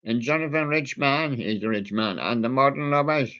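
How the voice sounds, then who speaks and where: Speaking at a normal speed in a pushed, bright mid-range voice, a male music-show host rambles casually through records and years. He drops wordplay on song titles between them, and the recording sounds dull and lo-fi.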